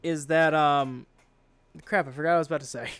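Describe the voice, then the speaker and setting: A man's voice: a little high, fairly even intonation, fairly quick, fairly bright tone, clean tone, dry recording. Profane ranting man, dry close sound. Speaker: podcast co-host. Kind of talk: casual podcast chat.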